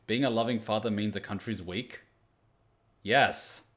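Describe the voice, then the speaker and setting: A man's voice: fairly low pitch, measured pace, fairly bright tone. A man hosting an anime reaction video, joking and blunt, swearing freely as he comments.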